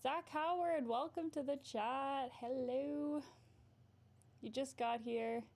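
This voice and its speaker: A woman's voice: high-pitched, unhurried. A woman therapist hosting a casual livestream, chatting in a bubbly way, often giggling and answering her viewers' comments.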